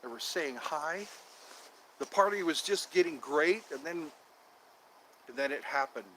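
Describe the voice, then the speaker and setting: A man's voice: fairly high pitch, expressive, a little slow, a bit bright, slight background noise, rough recording. A man hosting a casual livestream from outdoors in the cold on his phone, rambling and repeating himself as he talks to viewers. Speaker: livestream host.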